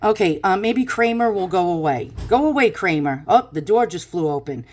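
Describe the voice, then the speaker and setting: A woman's voice: fairly low pitch, expressive, moderate pace, darkish tone. Woman in her fifties, sarcastic, cranky, rambling casual vlog talk, recorded in a home kitchen. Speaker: YouTube vlogger.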